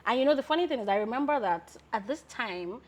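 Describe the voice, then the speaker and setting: A woman's voice: on the high side, expressive, fast talker. A woman in her thirties with a Nigerian accent, a lawyer and founder telling stories as an interview guest, often breaking into laughter. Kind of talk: casual interview storytelling.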